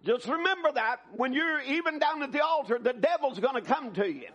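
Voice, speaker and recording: A man preaching a sermon at a church service, swinging between loud, fervent appeals and hushed, prayerful passages. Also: very high-pitched, animated, fairly quick.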